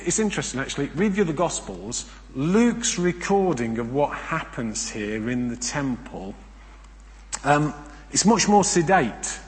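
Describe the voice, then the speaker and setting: Emphatic preacher in a reverberant hall. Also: male voice, mid-range voice. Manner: emphatic, rhetorical questions, swings between loud and hushed. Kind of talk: sermon. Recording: long reverb of a large hall.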